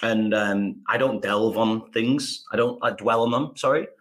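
A man's voice: fairly low pitch, a little slow, fairly bright tone. A man from England with a northern English accent, a podcast guest talking in a friendly, reflective way. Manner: friendly, reflective, calls people mate. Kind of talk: conversational interview.

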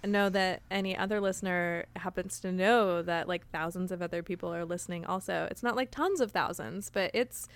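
A woman's voice: on the low side, normal speed, few pauses. A woman co-hosting a podcast, chatting casually in a hesitant, self-deprecating way with many fillers. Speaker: podcast co-host. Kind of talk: casual chat.

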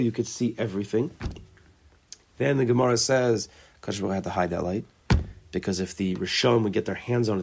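Teacher voice: a man with a slightly husky tone, unhurried and conversational, who circles back over his own words as he explains. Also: mid-range voice, a little mellow. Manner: thinking aloud, restarts and repeats words; mixes Hebrew and Yiddish terms into English. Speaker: teacher leading a study group. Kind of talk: informal Torah class.

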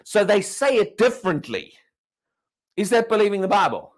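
A man's voice: sits high, big pitch swings, moderate pace. A man preaching a sermon, emphatic and questioning, repeating and restarting words as he drives his points home.

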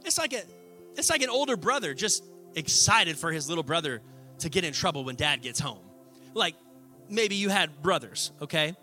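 A man preaching a sermon as pastor, conversational and animated, acting out the voices in his stories and often asking "right?". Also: high voice, normal speed, faint music behind.

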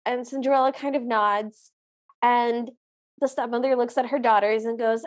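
A woman's voice: on the high side, normal speed. A woman co-hosting a podcast, chatting casually as she recaps a film and acts out the characters' lines. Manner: animated storyteller, acts out quoted lines. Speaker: podcast co-host.

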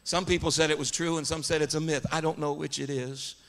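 A man preaching a sermon as a guest preacher, telling a story and swinging from quiet narration to shouted praise. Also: fairly high pitch, flat delivery, a little fast, vocal fry.

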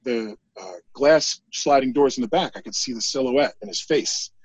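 Man, podcast guest, husky voice, dry close sound, rambling, animated, casual swearing. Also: mid-range voice, moderate pace, dry recording, dull audio. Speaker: guest psychic medium. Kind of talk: casual storytelling in a podcast interview.

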